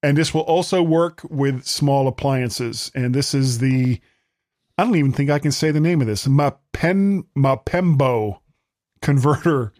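A man's voice: medium pitch, normal speed, darkish tone. A man hosting a podcast, talking about travel gadgets in an easygoing, joking way. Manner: easygoing, joking, reads specs loosely. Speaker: podcast host. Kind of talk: casual chat about gadgets.

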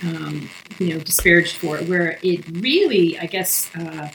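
A woman co-hosting a casual podcast, her voice sitting low with a gravelly, crackly texture. She rambles and thinks aloud, correcting herself mid-sentence. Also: lively intonation, a little slow, a bit bright. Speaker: podcast co-host. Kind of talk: casual chat.

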